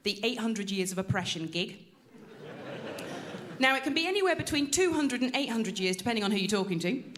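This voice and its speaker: A woman's voice: fairly high pitch, animated, a little fast, noisy background. A woman from Britain doing a wry stand-up routine. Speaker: stand-up comedian.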